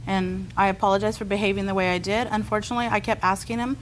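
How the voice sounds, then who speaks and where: A woman's voice: mid-range voice, fairly even intonation, fast, slight background noise, low-quality recording. A woman litigant in a TV courtroom who rambles through her account and keeps apologizing.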